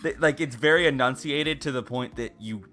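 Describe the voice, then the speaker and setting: A man's voice: mid-range voice, brisk, bright, forceful tone, soft background music. A man co-hosting a podcast, chatting casually in a rambling way, with lots of fillers and frequent laughter. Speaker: podcast co-host. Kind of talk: casual chat.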